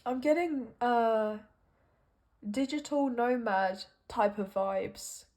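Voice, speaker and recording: A woman with a fairly high voice talks her way through a tarot reading at an unhurried pace. She muses and hesitates as she thinks aloud, leaning on fillers as the ideas come to her. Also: a little mellow. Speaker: tarot card reader. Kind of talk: intuitive tarot reading monologue.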